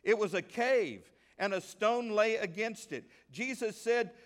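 A male pastor from the American South preaching a sermon. He reads scripture at length and asks the congregation questions that he then answers himself. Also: sits high. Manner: reads scripture aloud at length, slowing on key words; bursts into excitement.

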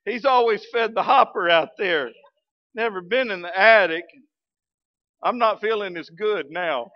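A man, a pastor telling a story in a sermon, folksy and animated. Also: sits high, unhurried, dry recording, highs cut off. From Arkansas, US. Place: church sanctuary.

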